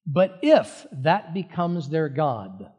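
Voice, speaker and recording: A man's voice: fairly high pitch, big pitch swings, slow pace, a little mellow. A middle-aged man, a pastor, preaching in a church in an earnest, conversational way with emphatic repetition. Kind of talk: sermon. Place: church sanctuary.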